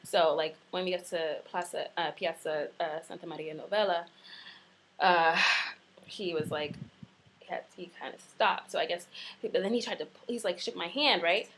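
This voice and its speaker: A woman's voice: on the low side, moderate pace, a bit bright, slight background noise, low-quality recording. A young woman vlogging from her apartment, telling a rambling story full of "like" and "um". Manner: rambling, filler-heavy storytelling with lots of "like". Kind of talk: casual chat. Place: apartment in Florence.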